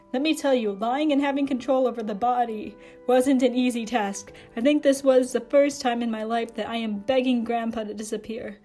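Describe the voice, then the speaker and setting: Casual: girl reading fanfic out loud, kinda high, mellow, sarcastic comments. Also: steady tone, fairly quick, faint music behind. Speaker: reader. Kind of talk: fan fiction reading with comments.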